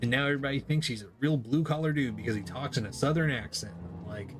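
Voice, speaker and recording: A man's voice: medium pitch, fast, background noise. A man streaming a game, chatting casually in a rambling, profane way and laughing often. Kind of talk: casual chat while gaming.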